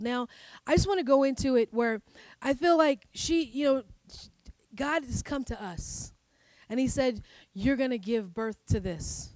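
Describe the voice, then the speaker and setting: A woman pastor preaches in a loose, conversational style, with playful asides and frequent laughter. Her voice sits a little high. The sound is dry and close, with almost no room echo. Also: a little slow, darkish tone. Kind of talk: sermon.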